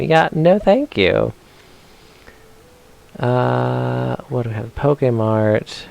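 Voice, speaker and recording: A man's voice: mid-range voice, animated, extremely slow, vocal fry, long pauses, darkish tone, smooth. A man chatting playfully while streaming a video game, sometimes reading game text aloud in silly voices. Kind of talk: casual live-stream commentary.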